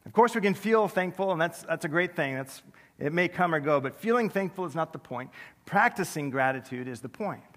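A man preaching a sermon as pastor, conversational and self-deprecating, with quick humorous asides. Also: on the high side, animated, a bit bright, long reverb tail. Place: large church sanctuary.

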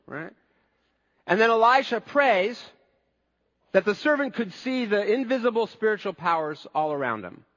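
A higher-voiced man delivering a sermon in an earnest, conversational storytelling manner. His voice carries a long reverb, as in a large hall. The recording sounds somewhat muffled. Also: fairly bright tone. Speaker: pastor.

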